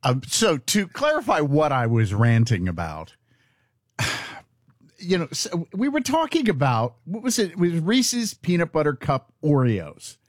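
Male radio host, emphatic and rambling, lively pitch, dry close sound. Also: a little slow, no echo. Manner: emphatic ranting with many fillers. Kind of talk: casual talk radio chat.

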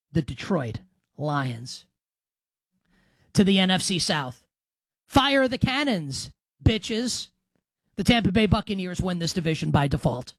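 A man's voice: high voice, dry recording. Male sports talk host, brash and emphatic, dry studio sound.

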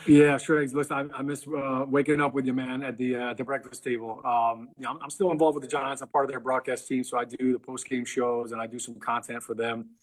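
A man's voice: medium pitch, brisk, few pauses. A man who is a sports broadcaster, telling a casual anecdote with lots of fillers. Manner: animated storyteller, filler-heavy.

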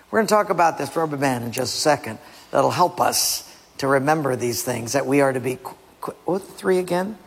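Gravelly preacher in an echoing hall. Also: male voice, on the high side, fairly quick. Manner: animated, acts out skits, quizzes listeners. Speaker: pastor. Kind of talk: sermon. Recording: long hall reverb.

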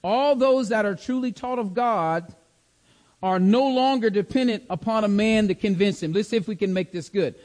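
A man's voice: high-pitched, moderate pace, a little mellow. A man teaching a Bible study class, checking in often with his listeners and repeating key words for emphasis. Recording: long hall reverb.

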